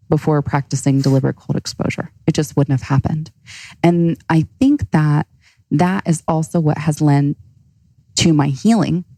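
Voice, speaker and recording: Low gravelly woman coach. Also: dark tone, dry recording, rough recording. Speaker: ice bath coach. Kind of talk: earnest interview answer.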